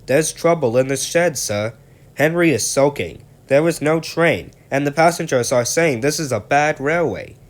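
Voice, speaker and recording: A fretful station master in a storybook, as a man puts him on. He sounds anxious and hurried, his voice pushed noticeably higher. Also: animated, natural voice. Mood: worried. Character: worried male station master.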